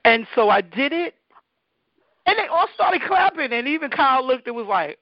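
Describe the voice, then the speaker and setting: Woman DJ guest, lively storyteller, lo-fi dry recording. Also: sits high, moderate pace, no echo. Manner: animated, acts out the people she quotes. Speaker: interview guest, DJ. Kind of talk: conversational storytelling.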